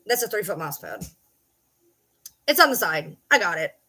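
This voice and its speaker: A woman's voice: fairly low pitch, big pitch swings, normal speed, bright, forceful tone, husky. A woman chatting casually on a livestream from her desk at home. She rambles, swears freely and pokes fun at herself while she talks to her viewers and her dog. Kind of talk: casual live-stream chat.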